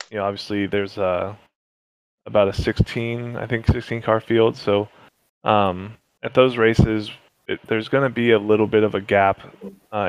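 A man's voice: on the low side, clean tone, no room sound, rough recording. A man, a racing driver, talking casually through a race with many fillers and restarts. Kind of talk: casual interview chat.

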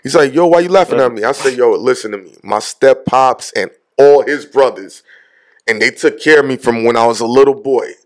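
A man's voice: mid-range voice, brisk. A man in casual chat, speaking confidently with street slang and acting out quotes. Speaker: podcast co-host guest.

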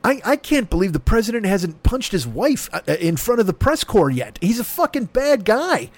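Host, male, heated profane comedic rant, lively pitch, dry close sound. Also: normal speed, dry recording.

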